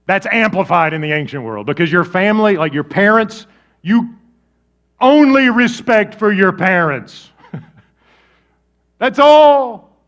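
A man preaching a sermon as pastor, conversational and animated, swinging between loud bursts and soft, low asides. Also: a little slow, long pauses, dull audio.

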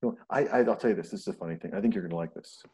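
A man's voice: sits low, rapid-fire, slight background noise. A middle-aged man from Montana hosting a podcast, telling stories in casual chat and acting out the quotes. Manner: animated storyteller, acts out quotes. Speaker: podcast host.

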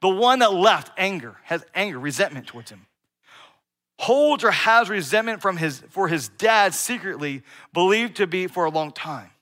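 A middle-aged male pastor preaches a sermon conversationally, often checking in with his congregation and tossing in frequent "right?" asides. His voice is high and fairly bright, with lively intonation at a normal speed.

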